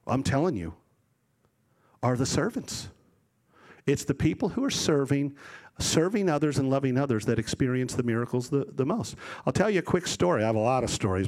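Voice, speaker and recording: A middle-aged man with a medium-pitched voice preaches an animated sermon, building to loud emphasis and acting out voices while telling stories.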